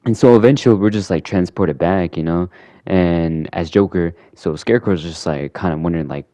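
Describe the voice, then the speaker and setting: A deep-voiced man casually recapping a game, rambling along with a lot of "you know". The sound is dry and close, with no room echo. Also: normal speed, dark tone. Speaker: gaming channel host.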